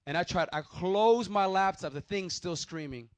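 A man preaching his testimony in a lively, storytelling sermon style, often calling out to his listeners. His voice sits a little high for a man. The sound is dry and close, with no room echo. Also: moderate pace. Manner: animated storytelling, calls out "Hello?" to the listeners. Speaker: youth pastor.

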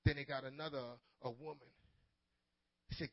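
A man preaching an energetic call-and-response sermon to teenagers as youth pastor, telling stories dramatically. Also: medium pitch, moderate pace, gravelly, dry recording. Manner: dramatic storytelling, swings from loud to hushed. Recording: dull lo-fi sermon recording.

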